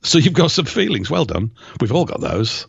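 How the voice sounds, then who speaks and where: A man's voice: mid-range voice, sing-song, normal speed, creaky, breathy edge, dry recording, dull audio. A man giving emphatic, opinionated answers as an interview guest, with mocking asides. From Britain.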